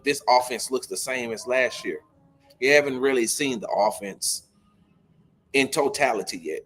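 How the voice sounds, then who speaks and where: A man's voice: medium pitch, a bit bright. A man hosting a sports talk show, repeating his warnings with emphatic insistence. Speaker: podcast host.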